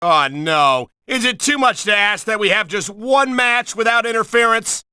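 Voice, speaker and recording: A middle-aged man calling play-by-play for a wrestling video game, earnest and excitable, a bit prim and scolding. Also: very high voice, normal speed, clear, resonant tone, no echo, studio quality. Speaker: play-by-play commentator.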